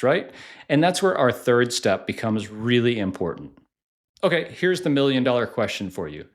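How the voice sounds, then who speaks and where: A man coaching on sales in a conversational teaching style, acting out sample questions. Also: mid-range voice. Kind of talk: instructional talk to camera.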